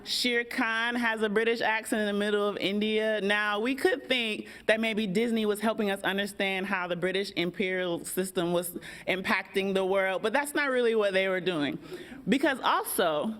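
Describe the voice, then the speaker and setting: A woman's voice: medium pitch, fairly even intonation, normal speed, a bit bright. American woman speaking on a panel. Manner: engaging, asks the audience questions. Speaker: panel speaker, workshop facilitator. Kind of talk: conversational panel talk. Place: event hall.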